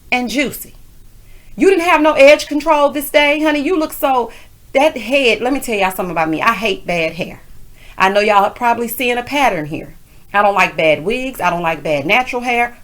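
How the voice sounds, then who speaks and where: A woman's voice: medium pitch, a bit bright. A woman giving a casual, sassy TV recap rant as host of her channel, calling her viewers honey and child. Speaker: TV recap reviewer.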